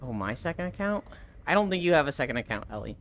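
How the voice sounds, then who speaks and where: Lively, animated streamer chatting with viewers. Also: medium pitch, quick pace, a little hiss or hum. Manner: animated storytelling, acting out quoted friends, laughs often; casual, swears, quips. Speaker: livestreamer. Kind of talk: casual chat with stream viewers.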